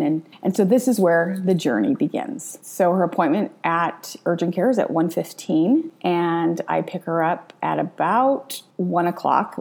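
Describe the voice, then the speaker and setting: A woman's voice: on the low side, vocal fry, a little mellow. Woman podcast host telling a personal story. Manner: conversational, recounting events with feeling.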